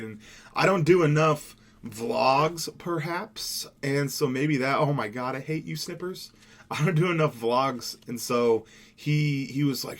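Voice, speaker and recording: A man's voice: mid-range voice, moderate pace, a bit bright. Laid-back young man rambling over gameplay. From Seattle, USA. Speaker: gaming YouTuber. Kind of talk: casual gameplay commentary.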